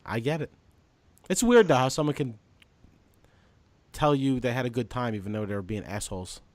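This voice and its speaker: A man's voice: mid-range voice, lively intonation, normal speed, dry recording. A man, a comedian, trading club stories in casual, swearing podcast chat. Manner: swearing, exasperated storytelling with mocking quotes. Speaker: stand-up comedian, podcast co-host.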